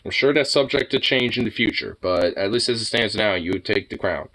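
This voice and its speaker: A man's voice: fairly low pitch, brisk, a bit bright. A man chatting casually to his dog, rambling, swearing freely and slipping into baby talk. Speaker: dog owner vlogger.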